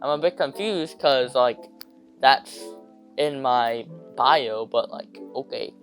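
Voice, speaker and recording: A young man telling a rambling, slangy storytime rant, hopping into quick voices for quotes. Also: mid-range voice, soft background music.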